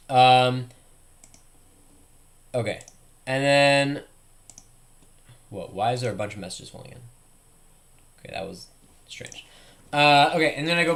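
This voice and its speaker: A man's voice: mid-range voice, a bit bright. Rambling young male streamer. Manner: rambling, thinking aloud with many "like" fillers. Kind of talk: casual live-stream chat.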